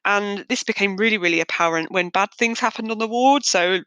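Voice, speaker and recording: A woman's voice: medium pitch, fairly quick, bright, forceful tone, clean tone, no echo. A woman hosting a podcast, telling a long personal story in a chatty, rambling and darkly candid way. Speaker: podcast host. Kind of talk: casual storytelling monologue.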